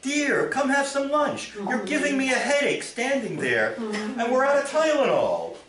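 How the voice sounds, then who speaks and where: A man voicing a fussy suburban housewife, in a high nagging falsetto, at a live poetry reading in a theater. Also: big pitch swings, a little slow, a bit bright, exaggerated voice. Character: fussy suburban housewife calling her husband. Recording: roomy theater, from far off.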